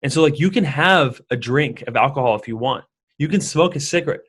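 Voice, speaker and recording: A man's voice: fairly high pitch, fast, breathy edge. A young man, a guest in a casual conversation, rambling with lots of fillers and restarts. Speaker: podcast guest.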